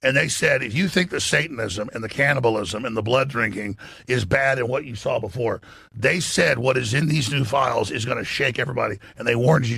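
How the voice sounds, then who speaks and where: A man giving heated commentary in an excitable, profane manner. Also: mid-range voice, a little fast, creaky, breathy edge, no room sound.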